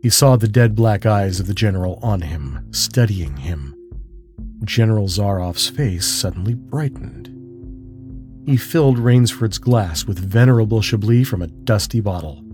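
A man narrating a calm bedtime mystery story and leading a guided breathing exercise, in a slow, soothing, measured voice. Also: on the low side, soft background music.

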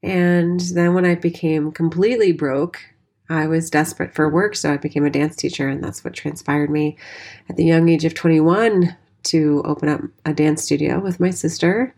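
A woman's voice: low voice, steady tone, normal speed, darkish tone. A woman in her forties, a dance teacher and studio owner, candidly telling her life story and swearing freely. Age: 40s. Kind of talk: personal storytelling monologue.

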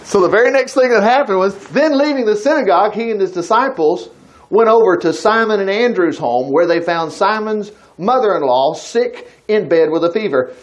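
A man's voice: sits high, fairly quick. A man preaching a conversational sermon, reading scripture aloud and breaking off into chatty, folksy asides.

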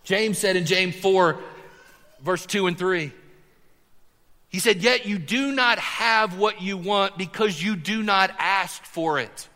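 A middle-aged man, a pastor, preaching a sermon with animated emphasis, his voice rising as he drives points home. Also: sits high, slow pace, in a large hall. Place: church sanctuary.

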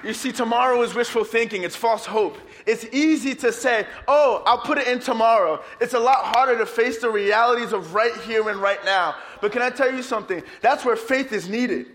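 A man preaching a sermon as pastor, lively and playful with his congregation. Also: extremely high pitch, moderate pace, hardly any pauses, a faint crowd, a little hiss or hum. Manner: energetic, playful preaching, leads congregation in song.

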